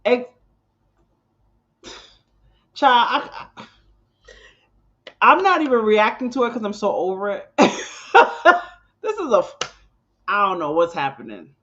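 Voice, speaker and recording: A woman's voice: medium pitch, sing-song, unhurried, pauses often, fairly bright tone. Woman host, rambling, exasperated, muffled lo-fi stream audio. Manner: rambling, exasperated, lots of restarts. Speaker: live stream host reacting. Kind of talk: live reaction chat.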